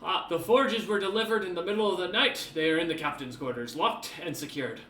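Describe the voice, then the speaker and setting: A man's voice: high voice, a little fast, pushed and bright, roomy sound, recorded from a distance, pitched above the performer's own voice. A man voicing an eager, formal crewman reporting to his captain in a tabletop game.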